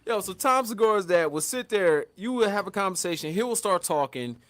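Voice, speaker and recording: A man's voice: high voice, fairly quick. A man with a slightly raised voice holds the floor on a casual podcast. He tells stories with lots of profanity and slips into the voices of the people he quotes. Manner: animated storyteller, acts out quotes, lots of profanity. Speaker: podcast co-host.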